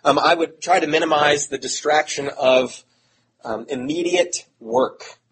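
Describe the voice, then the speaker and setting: A man's voice: a little high, a little slow, vocal fry. A middle-aged man preaching a sermon in an earnest, conversational way, with self-deprecating asides. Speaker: pastor. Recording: audible background noise.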